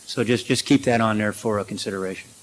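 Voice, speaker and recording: A man's voice: fairly low pitch, fast talker, a little hiss or hum, rough recording. A man speaking at an industry conference, presenting and then answering audience questions in a practical, conversational way with frequent fillers.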